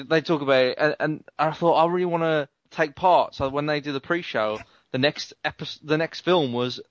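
A man co-hosting a casual podcast chat, talking quickly and laughing often. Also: fairly high pitch, no echo. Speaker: podcast co-host.

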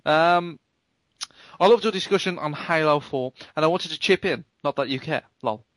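Chatty male podcast co-host, fairly high voice, dry close sound, reads mail with wry asides. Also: moderate pace, a bit bright, dry recording. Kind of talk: casual podcast chat, reading listener email.

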